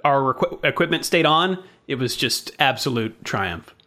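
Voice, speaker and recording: A man's voice: mid-range voice, lively intonation, normal speed, bright, forceful tone. A man co-hosting a podcast, reading the welcome and sponsor notes and trading dry quips. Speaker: podcast co-host. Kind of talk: casual chat with scripted intro.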